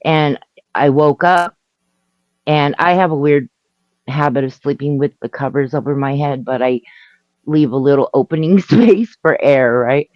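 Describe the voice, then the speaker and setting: A woman telling a story on a live stream in a halting way, laughing and restarting her sentences. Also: low-pitched, no echo, lo-fi sound. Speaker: guest storyteller. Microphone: video call.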